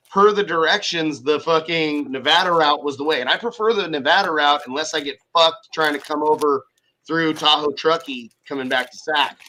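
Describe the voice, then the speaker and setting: A man's voice: on the high side, pushed and bright, a little hiss or hum. A man telling a long, rambling story in casual chat, swearing constantly.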